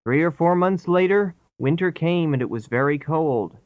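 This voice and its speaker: A man narrating fables in a clear, steady, scripted storybook reading. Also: on the high side, normal speed, dry recording. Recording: dull lo-fi audio.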